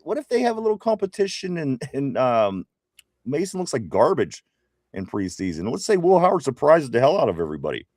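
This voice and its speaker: A man co-hosts a live sports chat, reading out viewer comments. His voice sits at an ordinary middle pitch, easygoing and quick to laugh. The sound is dry and close, with no room around it. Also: huge pitch swings, a little mellow, dry recording. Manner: laughs often, reads viewer comments aloud. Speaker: co-host.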